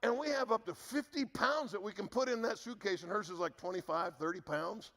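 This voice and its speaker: Middle-aged male pastor, gravelly, earnest sermon delivery, drops low on key words. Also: fairly quick, a bit bright, big-room sound.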